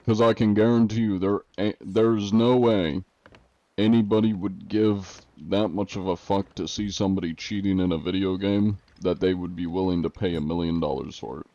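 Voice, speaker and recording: Low, mellow-voiced joking streamer man. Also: steady tone, moderate pace, no room sound, muffled recording. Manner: dry, joking, answers chat. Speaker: game streamer. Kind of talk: casual live-stream chat.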